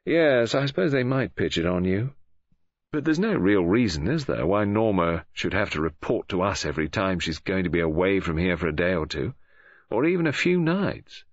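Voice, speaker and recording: A man's voice: sits low, big pitch swings, normal speed, dry recording. A man voicing a languid, offhand young woman, teasing and arty, in an audiobook reading. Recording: dull lo-fi audio.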